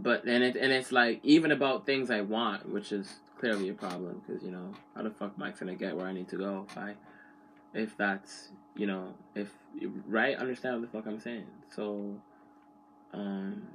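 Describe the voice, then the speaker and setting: Rambling, profane man with a low voice. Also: fairly even intonation, unhurried, a bit bright, slight background noise. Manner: rambling, profane, slangy, many restarts. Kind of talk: casual chat.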